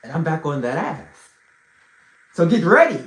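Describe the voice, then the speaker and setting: A man livestreaming from a phone, telling a story in an animated, profane way with bursts of shouting. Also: a little high, unhurried, roomy sound, low-quality recording. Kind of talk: storytelling monologue.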